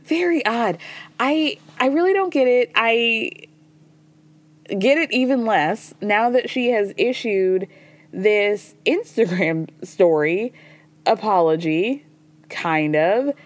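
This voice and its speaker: Taking things slowly in a slightly high voice, a woman runs a casual reality TV recap podcast. She's chatty and profane, uses "y'all" and "girl," and voices the quoted lines of the people in the scenes she recounts.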